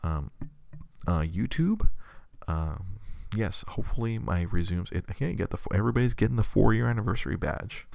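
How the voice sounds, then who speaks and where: A man's voice: fairly low pitch, lively intonation, moderate pace, vocal fry, a little mellow, no echo. A man hosting a live podcast in casual, rambling chat, swearing a lot and laughing often. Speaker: podcast host.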